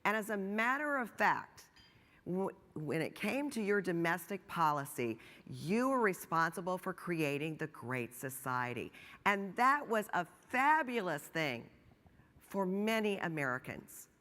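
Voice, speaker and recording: A genial saint at heaven's gate, as a woman puts him on while telling a joke on stage, jovial and drawn-out in his emphasis. The voice sits fairly low, and a long hall reverb trails behind every line. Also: sing-song, fairly bright tone.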